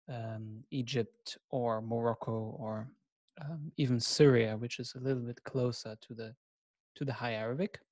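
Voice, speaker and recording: Slow, measured male lecturer. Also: medium pitch, darkish tone, dry recording. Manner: measured, reflective, invites listeners. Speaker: course teacher. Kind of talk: recorded lecture.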